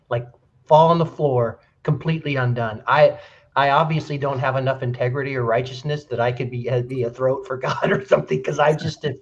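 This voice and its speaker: Man, earnest, animated storyteller, casual discussion, dull lo-fi sound. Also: medium pitch, moderate pace. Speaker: discussion participant.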